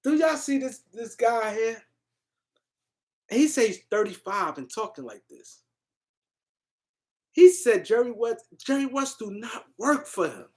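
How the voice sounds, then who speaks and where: This is a woman with a slightly high voice, hosting a sports commentary stream. She argues heatedly with her viewers, circling back to her points with repetitive insistence. Her delivery is loose and unscripted. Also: big pitch swings, unhurried, long pauses, warm tone. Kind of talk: live-stream sports rant.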